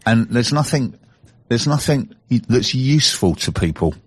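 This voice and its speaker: A man's voice: medium pitch, lively intonation, measured pace, slightly rough, no echo. A man from the radio station chatting as a guest in the studio, teasing the host in a joking way. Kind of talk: casual radio chat. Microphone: studio microphone.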